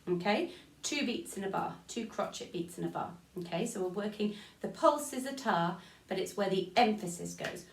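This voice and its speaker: A woman's voice: medium pitch, animated, moderate pace, far from the mic, slight background noise. A woman with an English accent teaching an online music lesson to children, counting beats aloud and singing short rhymes. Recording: echoey room, voice off-mic.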